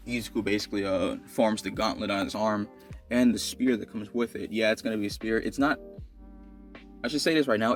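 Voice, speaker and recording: A young man casually narrating an improvised fan story, rambling with many fillers. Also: lowish voice.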